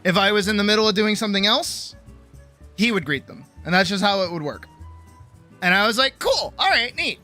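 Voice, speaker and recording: A woman streamer telling a casual, animated story, swearing freely and acting out other people's lines. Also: medium pitch, a little fast, long pauses, faint music behind. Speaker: streamer and artist.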